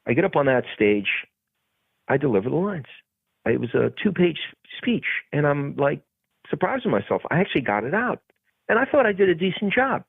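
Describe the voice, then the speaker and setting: A man with a somewhat high, slightly fast, creaky and breathy voice tells interview stories as a guest actor, lively and imitating the people he describes. The audio is tinny and dry with no room sound.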